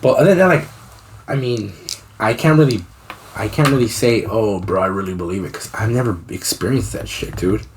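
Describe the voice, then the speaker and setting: A man's voice: on the low side, fairly quick, slight background noise. A young man co-hosting a podcast, telling a story in casual, slangy, profane talk. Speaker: podcast co-host.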